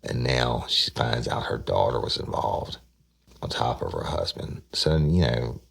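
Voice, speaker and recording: A man with an extremely low, gravelly, husky voice that's a bit bright tells a true-crime story on his podcast at a measured pace. He's expressive but rambling, often repeating words and acting out what people said as he recounts the case.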